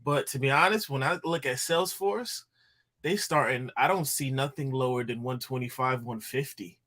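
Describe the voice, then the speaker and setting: A man's voice: mid-range voice, moderate pace, fairly bright tone. A man on a live audio panel, speaking earnestly in support of a friend. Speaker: panel guest. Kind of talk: casual live audio chat.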